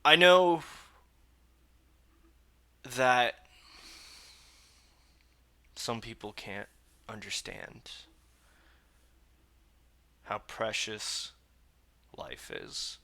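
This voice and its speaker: A young man gives casual reaction commentary. His voice is low yet bright and forceful, and he talks bluntly and with agitation, circling back to the same phrases again and again. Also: expressive, drawn-out words, creaky, pauses often. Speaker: reaction video host.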